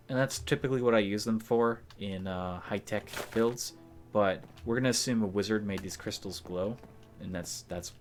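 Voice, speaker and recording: A man streaming himself building in a game, chatting casually and rambling to himself with frequent chuckles. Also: deep voice.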